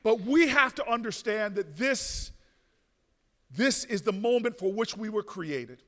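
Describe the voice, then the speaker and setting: A man telling a story in a rousing convention speech, often restarting with repeated words and building to shouted peaks. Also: high-pitched, expressive, measured pace. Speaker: speaker at a convention. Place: large hotel ballroom. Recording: reverberant ballroom.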